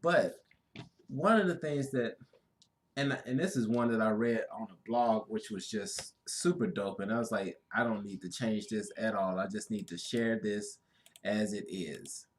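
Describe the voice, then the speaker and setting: A man co-hosting a casual spiritual talk, speaking in an easygoing, drawn-out way with frequent affirmations. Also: fairly low pitch, a little hiss or hum. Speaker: co-host.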